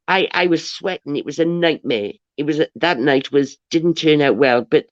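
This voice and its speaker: A woman's voice: deep voice, moderate pace, no echo. A woman hosting a livestream, telling long rambling stories in casual chat with frequent restarts. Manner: chatty storyteller, rambling with restarts. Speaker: livestream host. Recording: dull lo-fi dry livestream audio.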